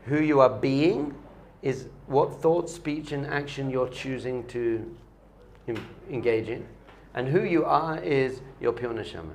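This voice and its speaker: A man's voice: mid-range voice, measured pace, a little mellow, a little hiss or hum. A man, a rabbi, giving a spiritual lesson with a story, talking animatedly and repeating key points for emphasis.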